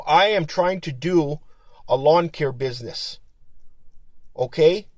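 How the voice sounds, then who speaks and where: Man, rambling, profane, heated, a bit high-pitched, dry. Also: darkish tone, no room sound. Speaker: security guard supervisor. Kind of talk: casual venting monologue.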